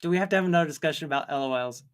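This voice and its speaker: A man's voice: a little high, rapid-fire, clear, resonant tone. A man co-hosting a comedy livestream, chatting casually and reading viewer comments aloud, rambling and joking at his own expense. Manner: rambling, jokey and self-mocking.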